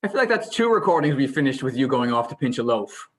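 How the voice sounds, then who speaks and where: A man's voice: medium pitch, sing-song, fast. A man with an Irish Canadian accent, guest co-hosting a podcast, rambling and joking playfully. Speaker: guest co-host. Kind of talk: casual chat about films.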